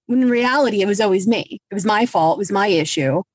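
A woman in her 30s tells her own story casually and frankly, with a mid-range, slightly rough voice and a quick pace. She swears and acts out what people said, and there's no room sound.

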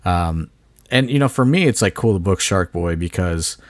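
A man's voice: sits low, animated, moderate pace, no echo. A man co-hosting a casual podcast, rambling and leaning on filler phrases like "you know" and "like". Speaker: wrestling promoter and podcast co-host.

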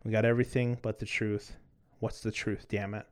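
A man voicing a scared adult male boxer in a quiet, subdued read that stays close to his own voice. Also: level tone, moderate pace, clean tone, lightly acted. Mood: fearful. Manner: quiet, subdued, low-key reading.

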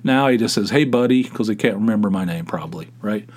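A man's voice: lowish voice, lively intonation, fast, a little mellow. A middle-aged man hosting a podcast, telling a casual rambling story with many restarts and exasperated asides. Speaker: podcast host. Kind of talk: casual monologue.

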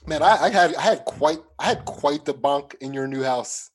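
A man with a slightly higher voice, talking casually and loosely. He leans on filler words as he works through a story. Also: moderate pace, husky. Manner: rambling, lots of "like" fillers. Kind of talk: casual chat.

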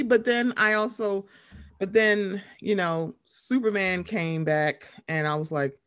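Lady podcast cohost, casual chat, swears a lot, goes loud and high then drops low. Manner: animated, profane, quick swings in pitch and volume. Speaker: podcast co-host.

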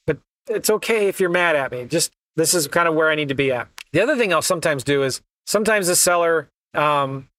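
A man's voice: a little high, expressive, a little fast, hardly any pauses, fairly bright tone, no echo. A man teaching real estate investing in a motivational talk, emphatic and repetitive as he speaks straight to his listeners.

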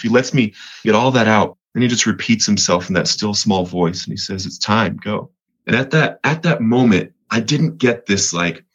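Husky low-voiced man telling his story. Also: dull audio. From Colorado. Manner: earnest, with frequent restarts and repeated words. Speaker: podcast guest. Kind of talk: personal faith testimony.

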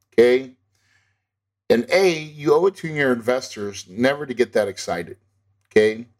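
A man teaching real estate investing in an emphatic, insistent way, often tagging his points with a quick "okay?". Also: fairly high pitch. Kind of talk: instructional talk to an audience.

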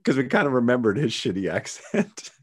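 A man co-hosting a casual podcast, speaking haltingly with fillers and easy agreement. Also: medium pitch, very animated, husky. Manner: hesitant, many fillers and restarts, agreeable. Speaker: podcast co-host. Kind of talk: casual recap chat.

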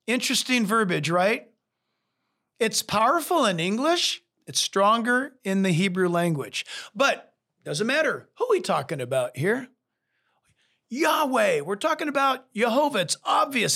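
A man, a pastor, teaching from the Bible in an animated, emphatic way and talking straight to the listener. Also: high voice, measured pace, creaky.

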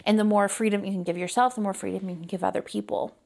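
A woman's voice: mid-range voice, steady tone, fast, creaky, darkish tone. A woman hosting a solo podcast, talking earnestly and conversationally with many casual fillers and asides. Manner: earnest, conversational, lots of "like" and "right?". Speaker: podcast host.

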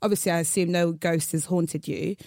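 A fast-talking woman raised in Nigeria and London tells stories with lively energy and frequent laughter. Her voice sounds dry and close, with little room around it. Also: on the low side, vocal fry, no room sound. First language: Yoruba. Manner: lively storyteller, laughing often. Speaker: interviewer. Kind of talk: casual interview chat.

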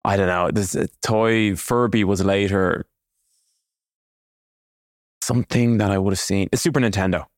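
A man's voice: on the low side, steady tone, normal speed, long pauses, no echo, studio quality. A man in his thirties hosting a casual quiz, teasing and joking with his co-host.

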